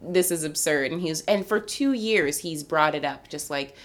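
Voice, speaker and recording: Canadian woman comic in her thirties, lowish voice, animated storyteller. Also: normal speed. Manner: animated, self-mocking, acts out quoted voices. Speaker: comedian guest. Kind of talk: casual comedic storytelling.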